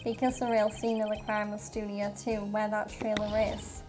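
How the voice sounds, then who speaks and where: A woman's voice: mid-range voice, completely flat delivery, moderate pace, over music, natural voice. A British woman reading as an earnest young male lawyer. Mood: determined.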